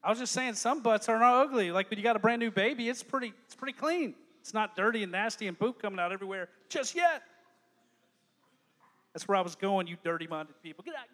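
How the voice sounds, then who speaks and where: A man preaching a lively youth sermon as pastor, joking and acting out quoted lines in changing voices. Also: high voice, in a large hall.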